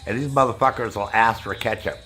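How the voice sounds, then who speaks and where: Brisk and speaking in a fairly low, pushed and bright voice, a middle-aged man from Maine, United States, hosts a casual stream chat with viewers. He's a profane, rambling storyteller whose tales are packed with swearing.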